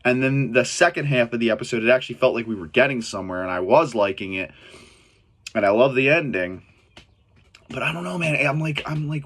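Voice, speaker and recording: A man's voice: mid-range voice, fast talker, a bit bright. A young adult man giving a casual, rambling episode review, full of fillers, self-corrections and swearing. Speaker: TV show reviewer.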